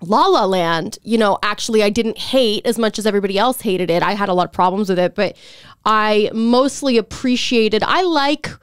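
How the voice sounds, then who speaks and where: A woman hosting a podcast in casual chat, rambling and animated, swearing freely. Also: medium pitch, moderate pace, smooth, no room sound, clean studio sound. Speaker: podcast host.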